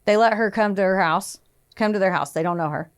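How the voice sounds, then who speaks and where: A woman's voice: mid-range voice, a little fast, clean tone. A young adult woman co-hosting a podcast, telling a true crime story in casual chat, acting out quotes in raised voices and swearing freely.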